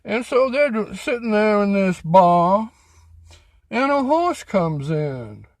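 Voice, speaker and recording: A man's voice: sits high, big pitch swings, slow pace, no echo. A man hosting a vlog outdoors on a city street, telling a rambling story with corny jokes in a chatty, folksy, self-mocking way. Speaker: vlog host.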